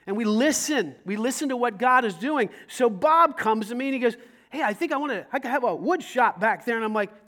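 A man preaching a sermon as pastor, telling stories with lively acted-out dialogue and rising to loud emphasis. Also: very high voice. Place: church sanctuary.

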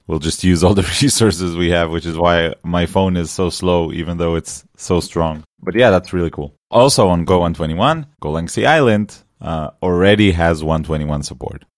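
A man's voice: low-pitched, normal speed, hardly any pauses, no room sound, studio quality. A man co-hosting a podcast, chatting in a loose, joking way full of fillers. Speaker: podcast co-host. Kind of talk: casual tech podcast chat.

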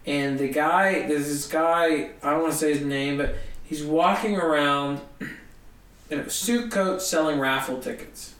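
A high-voiced man spins an animated, self-mocking comic story in conversation. His voice carries a roomy echo, and he sits a bit back from the mic. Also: measured pace, distant mic. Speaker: comedian guest.

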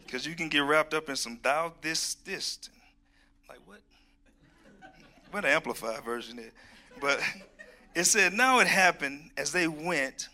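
Animated preacher man. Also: a little high. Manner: folksy and animated, reads scripture, jokes with the congregation. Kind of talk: sermon.

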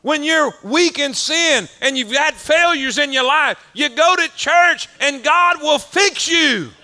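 Taking his time, a male preacher speaks in an extremely high, bright, forceful voice. He delivers a folksy, rhythmic sermon, driving points home through repetition with rising and falling emphasis.

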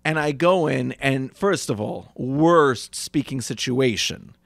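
A man's voice: medium pitch, slow, gravelly, fairly bright tone, dry recording. A man co-hosting a casual chat, telling a story about himself in an earnest, self-deprecating way and laughing between lines. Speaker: podcast co-host.

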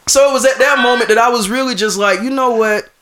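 A young man on a podcast tells a personal story in a relaxed, conversational way. He gets animated and acts out the people he quotes, with plenty of restarts and repeated words. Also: extremely high pitch, quick pace, slight background noise. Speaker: podcast host. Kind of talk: casual storytelling.

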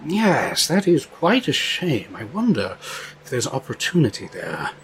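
A man's voice: medium pitch, huge pitch swings, measured pace, a bit bright, slight background noise. A man at a tabletop game, voicing his character in a prim, formal drawl. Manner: plays a prim, formal elf with a posh drawl. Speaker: player. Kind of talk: tabletop role-play, in and out of character.

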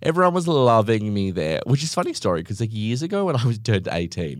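Sarcastic young man, lively voice. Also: fairly low pitch, fast talker, no room sound, studio quality. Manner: sarcastic, rambling, heavy use of "like". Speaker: podcast host. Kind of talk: casual storytelling monologue.

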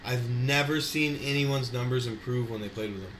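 A man's voice: mid-range voice, normal speed, a bit bright. A man in casual chat, rambling and profane, talking animatedly with a friend. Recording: echoey room, faint background noise.

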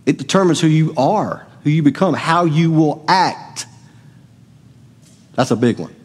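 A man's voice: a little high, lively intonation, measured pace, darkish tone, slightly rough. A middle-aged man preaching a sermon as pastor, conversational and asking the congregation questions. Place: church sanctuary. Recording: long hall reverb.

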